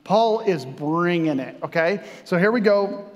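A man's voice: high-pitched, lively intonation, a little slow. A man preaching a sermon as pastor, talking conversationally with joking asides. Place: church sanctuary. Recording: long reverb from a church hall.

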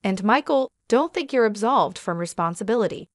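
A woman's voice: mid-range voice, expressive, normal speed, no room sound, close to an everyday voice. Woman reading an indignant mother, firm, unwavering, dry close sound, storybook reading. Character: indignant fierce mother confronting her husband. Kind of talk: storytelling read-aloud.

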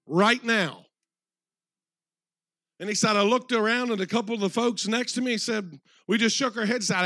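A preacher tells a story from the pulpit in a high voice. The sound is dry and close. He quotes the people in his story at length, slowing down and rising in force on the key words. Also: fairly bright tone, no echo. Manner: retells a story with many quotes, slows and swells for emphasis. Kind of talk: sermon storytelling. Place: church.

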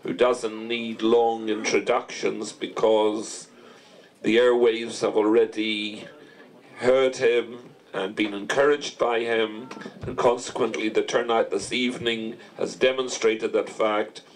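Slow, gravelly man introducing a speaker. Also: fairly low pitch, level tone, poor audio. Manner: slow, measured announcing. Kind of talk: formal introduction. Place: congress hall.

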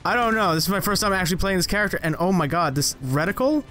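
A young man talks through a game in a rambling, self-mocking way. His voice sits high and keeps leaping into excited yelps. Faint game music plays behind him. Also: fast. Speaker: gaming channel host. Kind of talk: casual gameplay commentary.

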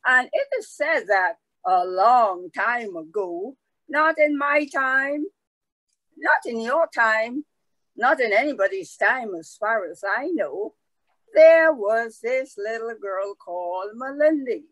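A woman telling a folk tale aloud in a slow, conversational way, with asides to her listeners. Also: on the high side, animated, a bit bright, no echo, poor audio. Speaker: storyteller. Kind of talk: oral folk storytelling.

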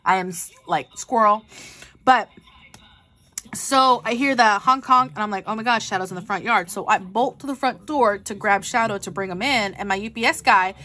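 A woman vlogger telling a rambling, animated story in casual chat, full of asides. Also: medium pitch, moderate pace. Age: adult with a child.

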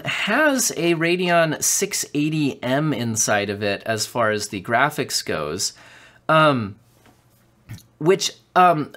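A man's voice: mid-range voice, fairly bright tone. A man hosting a casual tech news rundown while he has a cold, chatty with frequent ums and self-corrections, on a studio microphone. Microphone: studio condenser mic.

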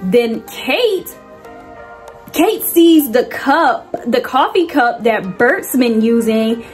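A young woman casually recapping a movie's plot, slangy and animated, with big swoops in her voice. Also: a little high, very slow, faint music behind. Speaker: movie reviewer.

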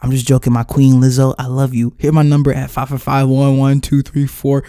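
A man's voice: on the high side, a little fast, hardly any pauses, a little mellow, clear, resonant tone. A young man doing joking gameplay commentary for his channel, goofy and rambling, full of slang and meme jokes. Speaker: gaming YouTuber. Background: background music.

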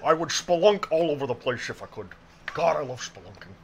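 A man's voice: on the high side, lively intonation, brisk, creaky, noisy background. A man putting on a suave, boastful older adventurer with a grand, savoring delivery.

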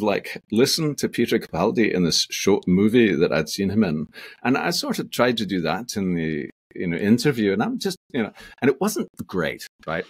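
A man's voice: fairly low pitch, breathy edge. A Canadian man, an actor, telling rambling anecdotes in a casual interview, full of restarts and fillers. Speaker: actor guest.

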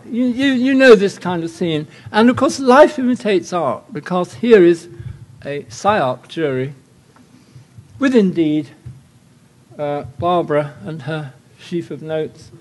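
An older man with an English accent giving a guest lecture with slides, wry and anecdotal, full of rambling asides. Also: on the high side.

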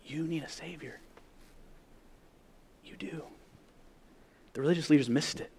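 A man preaching a sermon as pastor, emphatic, asking the congregation direct questions, dropping to a hush and building up loud. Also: fairly high pitch, measured pace, creaky, pauses often, husky. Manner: drops to a hushed voice then builds up loud.

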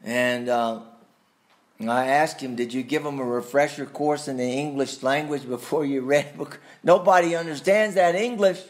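A man preaching a sermon, slow and deliberate, with sudden emphatic rises and quiet asides. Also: mid-range voice, steady tone. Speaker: pastor.

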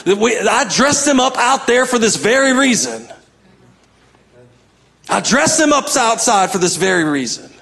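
A man's voice: very high voice, big pitch swings, unhurried, vocal fry, long pauses, fairly bright tone, slightly rough. A man preaching a sermon as pastor, emphatic, repeating his key phrases and calling out to the congregation.

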